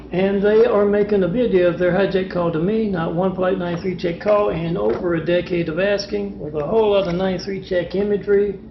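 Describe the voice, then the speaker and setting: High gravelly man spinning a rambling tale. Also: a little hiss or hum. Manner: meandering, jumps between loose threads. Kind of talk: rambling spoken story. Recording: echoey, dull lo-fi recording.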